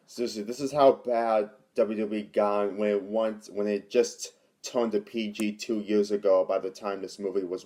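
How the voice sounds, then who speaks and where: Man, low-pitched, casual chat, groaning, disbelieving. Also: warm tone. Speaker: co-host reacting.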